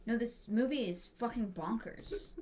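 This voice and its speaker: A woman's voice: on the high side, animated, unhurried, a little mellow, a little hiss or hum. A woman co-hosting a casual movie review chat, dry and matter-of-fact with short replies. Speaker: co-host of a movie review show.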